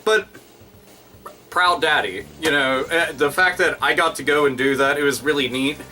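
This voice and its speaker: A man's voice: fairly high pitch, moderate pace, a little hiss or hum. A man in his thirties talking casually in a rambling, profane vlog monologue. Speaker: YouTube vlogger. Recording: bright voice, somewhat distant mic, faint music.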